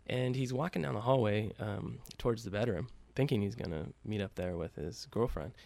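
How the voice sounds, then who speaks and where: A man's voice: lowish voice, a little fast, gravelly, darkish tone, dry recording. A man telling a story casually, with loose profane talk and many fillers, acting out the quoted lines lightly.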